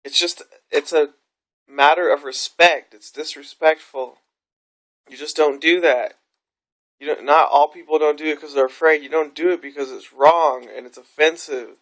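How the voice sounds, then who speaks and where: A woman's voice: low voice, steady tone, moderate pace. A woman vlogging to camera, telling a story in a frank, rambling way with plenty of swearing. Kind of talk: candid vlog monologue.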